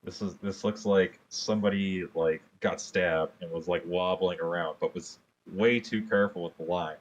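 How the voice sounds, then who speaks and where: A young man with a very low voice taking part in a tabletop game. He talks in an easygoing way, thinking his detective's moves through aloud. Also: steady tone, moderate pace, lo-fi sound. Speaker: player. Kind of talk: casual tabletop play.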